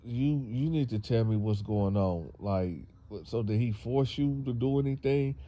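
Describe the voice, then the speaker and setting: A man's voice: medium pitch, a little slow, dark tone, close to an everyday voice. A man voicing a stern, fed-up mother who scolds bluntly and repeats herself. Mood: distraught.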